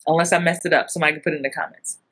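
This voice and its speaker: Middle-aged woman, acting coach, lively chatty teaching voice that jumps high in acted-out bits. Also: very fast. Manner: animated, acts out little scenes with big jumps in pitch. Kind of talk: casual coaching talk.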